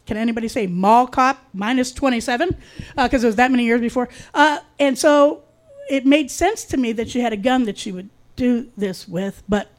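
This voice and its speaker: High-voiced woman telling a wry story. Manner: wry, conversational, deadpan asides. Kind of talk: personal storytelling.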